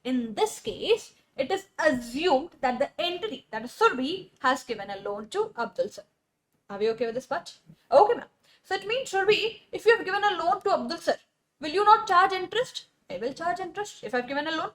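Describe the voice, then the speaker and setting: A woman's voice: high voice, very animated, a little fast. A young woman giving a classroom accountancy lecture, repeating key terms and quizzing her students.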